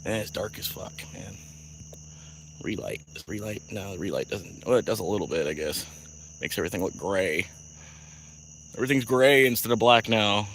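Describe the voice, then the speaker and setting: A man's voice: fairly low pitch, lively intonation, moderate pace, long pauses, fairly bright tone, slight background noise, low-quality recording. A man chatting casually on a livestream, rambling, swearing and laughing often, outdoors at night.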